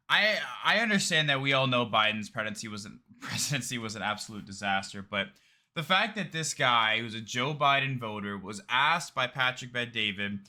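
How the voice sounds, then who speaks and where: A man's voice: mid-range voice, expressive, moderate pace, pushed and bright. Blunt, mocking man doing reaction commentary. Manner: blunt, mocking, talks with slang and laughs. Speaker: commentator reacting to a debate clip.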